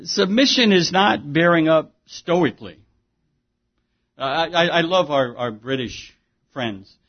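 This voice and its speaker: Pastor preaching, slightly high-pitched man. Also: animated, measured pace. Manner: conversational preaching with rhetorical questions and restarts. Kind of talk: sermon. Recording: dull lo-fi sermon recording.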